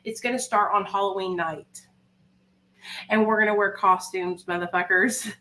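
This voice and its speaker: A young woman hosts a casual livestream in a mid-range, steady voice at a normal speed, sounding pushed and bright on a rough recording. She talks candidly and emotionally, rambling with plenty of fillers.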